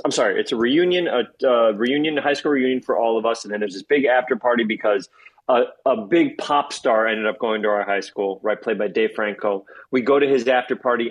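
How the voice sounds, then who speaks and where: Man, 40, rapid husky interview guest, rambling and excitable. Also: mid-range voice, low-quality recording. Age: 40s. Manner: rambling, excitable, quick asides. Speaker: guest actor. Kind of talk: casual interview chat.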